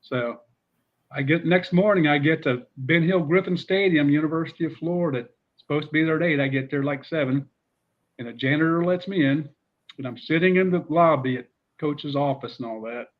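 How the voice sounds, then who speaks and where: A middle-aged man with a fairly high voice recounts his coaching days in an animated, rambling way, full of "you know" asides. The recording sounds a little dull and muffled. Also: fairly quick. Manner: animated storyteller with many fillers. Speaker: guest, former football coach. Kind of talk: casual storytelling interview.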